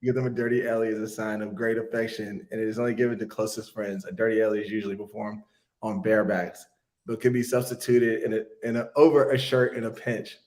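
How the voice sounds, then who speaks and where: A man on a casual podcast, reading aloud and reacting with loud exclamations. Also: on the low side, steady tone, fast talker. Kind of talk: casual profane banter.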